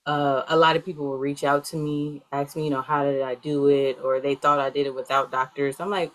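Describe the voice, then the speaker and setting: A woman's voice: deep voice, little pitch movement, fairly quick, low-quality recording. A young adult woman guest speaking in a casual interview, rambling with many fillers. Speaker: guest, healer.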